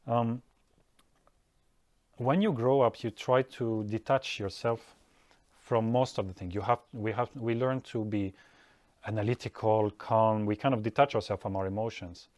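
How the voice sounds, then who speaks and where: A man who teaches drawing, talking through his ideas in a relaxed podcast-style monologue, restarting sentences and acting out quotes. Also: medium pitch, no room sound. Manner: thoughtful, unhurried, many restarts and acted-out quotes. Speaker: art teacher. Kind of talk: casual podcast-style talk.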